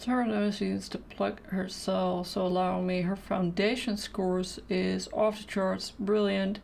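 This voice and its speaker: A woman's voice: medium pitch, little pitch movement, unhurried, creaky, a little mellow, slight background noise. A woman chatting casually during a live painting stream, thinking aloud and answering questions from the chat.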